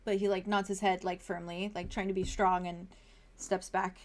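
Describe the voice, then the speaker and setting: A woman's voice: medium pitch, little pitch movement, normal speed. A woman narrating a tabletop game as game master, in a chatty way with lots of fillers.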